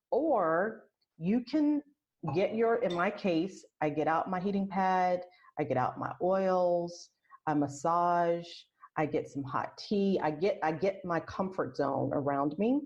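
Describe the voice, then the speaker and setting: A woman talking as a podcast guest in casual interview chat, soft and reflective, often restarting her sentences. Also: on the low side, lively intonation, measured pace. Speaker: podcast guest, aromatherapist and health coach. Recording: lo-fi muffled sound.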